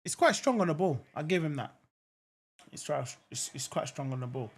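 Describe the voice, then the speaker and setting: A man's voice: a little high, moderate pace, slightly rough. Casual man's live football watchalong. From England. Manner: casual, repeats phrases, lots of "um" and "I'm not gonna lie"; jumps to excited exclamations at near-misses. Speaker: live match watchalong host. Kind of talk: live football commentary and chat reading viewer comments.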